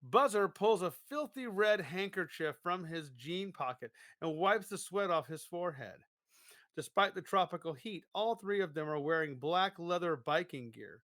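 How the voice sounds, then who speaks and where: A man's voice: a little high, expressive, normal speed, a bit bright, no room sound. A man co-hosting a podcast, reading a kids' gamebook aloud with playful jokes. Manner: playful, jokey. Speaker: podcast co-host.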